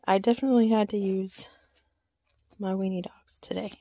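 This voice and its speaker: Soft-spoken woman with a gravelly voice. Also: medium pitch, fairly even intonation, dry recording. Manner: soft-spoken, often drops to a whisper, halting with pauses. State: emotional, holding back tears. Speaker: reborn doll collector showing her dolls. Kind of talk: casual show-and-tell vlog.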